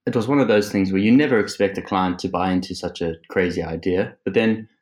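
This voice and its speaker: Brief: lower-voiced male creative, chatty, laughs a lot, swears freely. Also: fast talker. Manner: laughing, swearing, animated storyteller. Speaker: guest, art director. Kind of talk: casual podcast interview chat.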